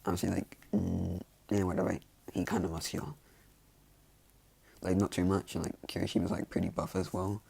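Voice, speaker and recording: A man's voice: low voice, level tone, brisk, creaky, warm tone, breathy edge, no echo. A man casually improvising a fan story, rambling with lots of fillers and self-corrections.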